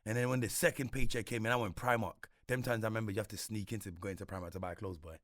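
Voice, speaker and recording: A man's voice: fairly low pitch, very fast, no room sound, clean studio sound. A young man with a London accent, telling stories from his life in a casual interview, full of street slang and acted-out quotes. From Congo. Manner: London slang, animated retelling with voiced quotes. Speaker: guest.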